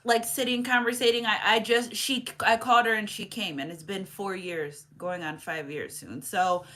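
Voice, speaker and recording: A woman's voice: mid-range voice, fairly even intonation, normal speed, sharp tone. A woman in her thirties giving a casual spiritual reading as a medium, chatty and rambling, emotional, with many restarts and asides. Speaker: tarot reader and medium.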